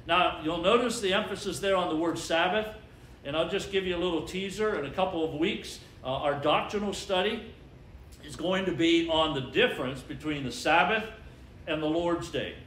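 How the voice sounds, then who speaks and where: Pastor, man, high voice, emphatic call-and-response preaching, roomy church sound. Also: a bit bright, slight background noise. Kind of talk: sermon. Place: church sanctuary. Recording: echoey church with faint ambience.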